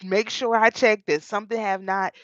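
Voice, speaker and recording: A middle-aged woman vlogger telling a personal story in a casual, animated way, often repeating and restarting her phrases. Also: mid-range voice, normal speed, dry recording. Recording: dull, dry lo-fi sound.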